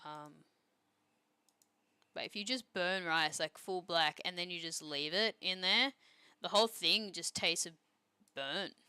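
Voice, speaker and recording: Bright, crisp young woman chatting casually. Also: lowish voice, measured pace, no echo. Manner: rambling and self-deprecating, trailing off. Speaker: streamer. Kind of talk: casual chat while drawing.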